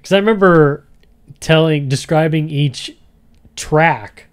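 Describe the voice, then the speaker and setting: A man's voice: a little high, takes it slowly, clean tone. A man hosting a podcast in a casual chat, talking in a chatty, rambling way and often laughing. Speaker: podcast host.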